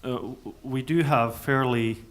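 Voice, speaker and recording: Halting male conference speaker. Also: medium pitch, steady tone. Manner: thoughtful, halting, with many restarts. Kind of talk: answering audience questions. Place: conference hall.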